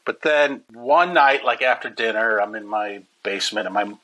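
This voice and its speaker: A middle-aged man from Connecticut, a comedy writer telling anecdotes as a podcast guest, lively and drifting into character voices. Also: on the low side, moderate pace, rough recording. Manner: animated anecdotes, drops into voices of people in the story. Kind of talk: casual storytelling interview.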